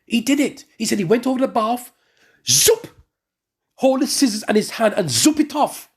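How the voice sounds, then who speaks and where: A man giving a spoken religious testimony to his congregation, telling his story in an animated way with many asides and restarts. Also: high voice, moderate pace, breathy edge. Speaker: church member giving testimony.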